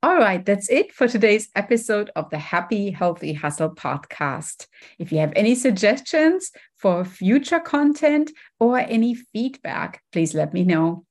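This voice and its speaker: An upbeat woman hosts a podcast interview, talking casually with plenty of ums. Her pitch sits in the middle range. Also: sing-song, unhurried. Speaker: podcast host.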